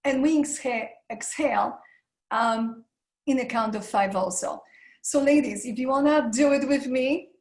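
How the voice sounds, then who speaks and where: A woman presenting a live webinar on a video call, guiding listeners through breathing and voice warm-up exercises in an encouraging way. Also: sits high, roomy sound, poor audio. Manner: encouraging, leads breathing and vocal warm-ups.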